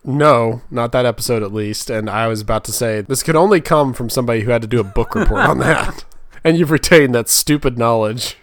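A man's voice: mid-range voice, fairly quick, dry recording. A man co-hosting a casual comedic chat, making dry, wry jokes. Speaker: podcast co-host.

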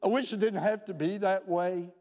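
Male pastor, fairly high voice, earnest sermon delivery, dull reverberant sanctuary sound. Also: steady tone, mellow. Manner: earnest preaching with rhetorical questions, slowing for emphasis. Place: church sanctuary. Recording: dull reverberant church recording.

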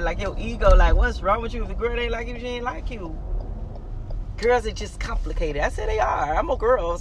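A woman chatting casually to her phone camera as a vlogger, blunt and animated, swearing often and laughing as she talks. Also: mid-range voice, background noise. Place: car, then home.

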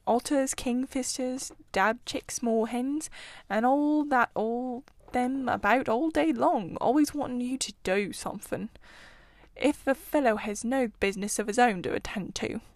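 Woman doing a confident male water rat, storybook reading, chatty, knowing, fairly high voice, dry close sound. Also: a little slow, dry recording. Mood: boastful. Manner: confident, chatty, a little guarded. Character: easygoing, self-assured male water rat who loves the river.

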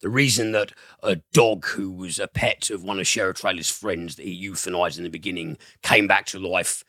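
A man's voice: sits low, steady tone, normal speed, bright, forceful tone, no room sound, clean studio sound. A man hosting a casual film review podcast, enthusiastic, rambling and profane.

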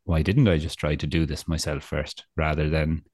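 A man's voice: very deep voice, fairly even intonation, normal speed, a little mellow, slightly rough, dry recording. A young Irish man co-hosting a podcast, talking casually and ranting with dry sarcasm. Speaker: podcast co-host. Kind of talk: casual chat.

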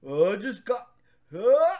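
A man's voice: very high voice, sing-song, slow, a little mellow. A man co-hosting a podcast, talking crudely with lots of swearing and laughter. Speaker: podcast co-host. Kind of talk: casual chat.

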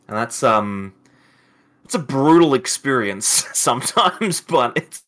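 A man's voice: medium pitch, lively intonation, slow, a bit bright. A man with an Australian accent who runs a card game channel, chatting casually on a podcast, rambling and often laughing. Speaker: YouTube channel host, card game player.

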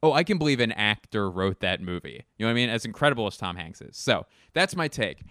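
Young dude podcast host, low voice, rambly and snarky, swears a lot, dead dry sound. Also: male voice, sing-song, fast, a bit bright, no echo. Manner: rambling, sardonic, swears casually. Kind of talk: casual comedic monologue.

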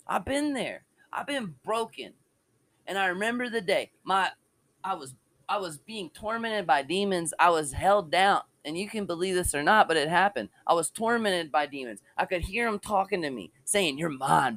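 A man's voice: sits high, expressive, normal speed, fairly bright tone. A man giving an informal, passionate sermon and personal testimony from home, mixing scripture talk with casual slang. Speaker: preacher.

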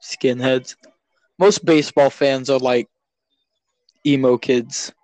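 A young man hosting a podcast, chatting casually and excitedly while coaching a friend through a video game. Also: medium pitch, takes it slowly, no room sound. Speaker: podcast host. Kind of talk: casual chat while gaming.

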